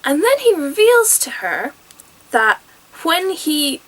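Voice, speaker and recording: Animated young woman with a higher voice. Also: takes it slowly, rough recording. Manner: animated, exclaiming, chatty. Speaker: vlogger reviewing a TV episode. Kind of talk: casual spoken review.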